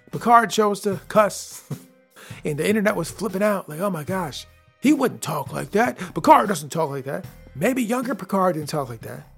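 A man's voice: sits high, creaky, fairly bright tone. A man hosting his own podcast, talking casually and rambling through an episode review with frequent restarts. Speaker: podcast host.

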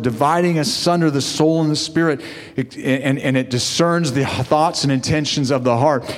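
Man, pastor, preaching a sermon, call-and-response asides, mid-pitched voice, long echo of a large hall.

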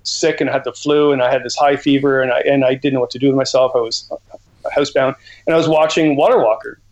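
A man's voice: medium pitch, fast, lo-fi sound. A middle-aged man from Canada, an outdoor educator and author, telling rambling stories as a guest on a casual podcast interview. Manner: rambling storyteller, animated and laughing.

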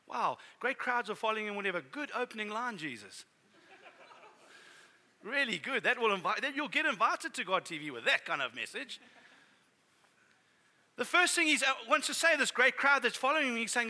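A man preaching a sermon in an animated, exclaiming way, sometimes running short of breath. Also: very high voice, normal speed, long pauses. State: out of breath at times. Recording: reverberant hall.

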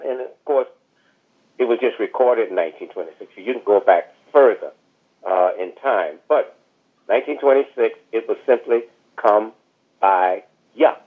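A man's voice: medium pitch, animated, normal speed. A man, an author telling a long, rambling story as a podcast guest, full of asides and fillers. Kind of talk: storytelling interview over the phone. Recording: tinny phone line.

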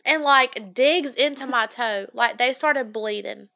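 Bright-voiced woman telling a rambling story. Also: a little high, measured pace, gravelly. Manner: rambling storyteller, acts out quoted people, says "anyway" often. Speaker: podcast co-host. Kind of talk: casual chat.

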